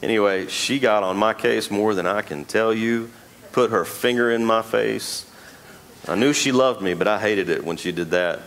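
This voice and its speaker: A man's voice: sits low, fairly bright tone. A man preaching a sermon in a church, joking and talking to the congregation in a loose, conversational way. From Texas. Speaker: pastor. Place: church sanctuary.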